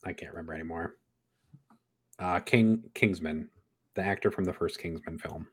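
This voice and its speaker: A man's voice: deep voice, moderate pace, slightly rough. A man co-hosting a podcast in casual chat, rambling and joking as he trails off mid-thought. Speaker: podcast co-host.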